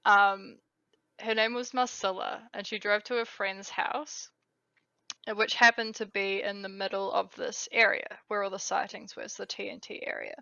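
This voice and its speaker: A woman's voice: medium pitch, fairly even intonation, moderate pace, vocal fry, bright, forceful tone, no echo, muffled recording. A woman with a New Zealand accent co-hosting a podcast in casual chat, chatty with lots of fillers. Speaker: podcast co-host.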